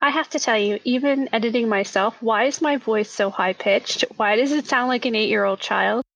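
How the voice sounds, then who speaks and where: A woman's voice: on the high side, normal speed, vocal fry, fairly bright tone. A nasal-voiced woman in her thirties, co-hosting a podcast in chatty, self-mocking casual talk. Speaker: podcast co-host. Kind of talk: casual chat.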